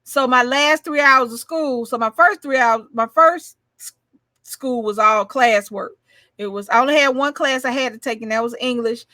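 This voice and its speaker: A woman's voice: fairly high pitch, moderate pace, bright, forceful tone, no echo, clean studio sound. A woman from Alabama co-hosting a casual chat, joking and bantering animatedly. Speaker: co-host.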